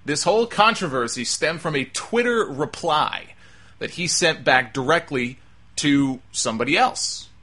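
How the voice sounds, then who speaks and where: A man's voice: a little high, lively intonation, unhurried, pushed and bright. A man hosting a talk show, delivering an emphatic, exasperated opinion monologue. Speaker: wrestling talk show host.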